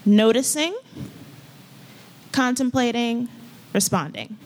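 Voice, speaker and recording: A woman preaching to her congregation in a church hall, her voice sitting a little high. She speaks gently and without hurry, pausing often as she invites people into quiet reflection. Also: animated. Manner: gentle and unhurried, with pauses and invitations. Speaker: pastor. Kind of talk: sermon leading a guided scripture practice. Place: church hall with folding chairs.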